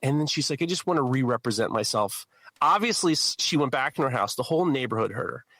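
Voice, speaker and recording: Excitable storytelling man, bright voice. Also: mid-range voice, fast talker, no room sound, clean studio sound. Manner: excitable, acts out quoted voices. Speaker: podcast co-host. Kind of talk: animated storytelling.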